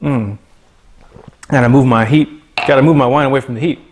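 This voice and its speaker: A man's voice: medium pitch, steady tone, brisk, slight background noise. A young man from Florida hosting a casual cooking livestream from his home kitchen, joking with his chat and reading out their names. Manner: jokey, talks to chat, reads out names.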